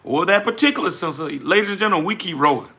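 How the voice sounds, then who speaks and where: A middle-aged man with a New Orleans accent holds a casual livestream and talks straight to his viewers. His voice is very bright and pitched a bit high, and his delivery is folksy and animated. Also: quick pace. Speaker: livestream host, trucking business owner.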